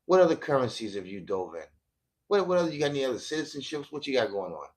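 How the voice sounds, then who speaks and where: A man's voice: medium pitch, big pitch swings, quick pace. An American man doing live-stream political commentary, combative and profane as he mocks a viewer. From United States.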